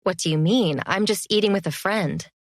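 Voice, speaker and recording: A woman's voice: mid-range voice, moderate pace, no echo, clean studio sound, natural voice. A woman voicing a bold, teasing young witch student with a cool, cheeky manner.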